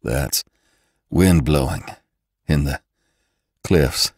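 Man reading a worn-out frontier rider in a storybook, very deep and panting, terse. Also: animated, drawn-out words, a little mellow, slightly rough, no room sound, clean studio sound, full character voice. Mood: spent. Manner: panting, clipped replies.

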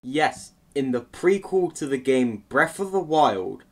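A man's voice: medium pitch, very animated, slow. A young man giving a casual, sweary, sarcastic video game review. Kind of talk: casual ranting commentary.

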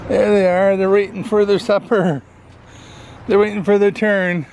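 Man, slightly higher voice, chatty vlog host at the barn. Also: little pitch movement, moderate pace, darkish tone, slight background noise. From Canada. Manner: chatty, explains as he goes. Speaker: vlogger. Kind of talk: casual vlog talk. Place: at a horse barn.

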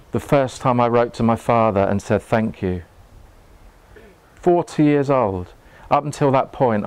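A man, giving a live talk to a group in a room, earnest and halting, often restarting his words and laughing. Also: on the low side, darkish tone, clear, resonant tone. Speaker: meditation teacher. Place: room with an audience.

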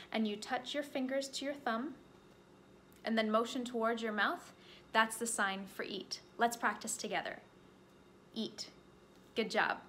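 Woman librarian for a kids' storytime, slow and fairly high, gently encouraging. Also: slight background noise. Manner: gentle, encouraging teacher talk. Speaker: children's librarian. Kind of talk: children's storytime with sign language.

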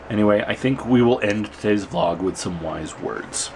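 A man's voice: on the low side, normal speed, gravelly, few pauses, a crowd in the background, rough recording. A young man filming a casual family vlog at home on a handheld camera, joking around and cooing at his little sons. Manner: playful, silly voices, baby talk to his sons. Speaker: vlogger dad.

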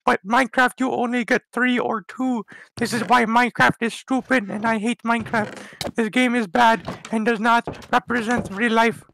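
A high, gravelly kid's voice, put on by a man rambles about a game in broken, childish sentences full of silly non-sequiturs. It is recorded close and dry. The naive boy stays earnest no matter how absurd the thought. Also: fairly even intonation, normal speed, fairly bright tone, no echo, exaggerated voice, rough recording. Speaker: game commentator. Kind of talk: comedic gameplay commentary.

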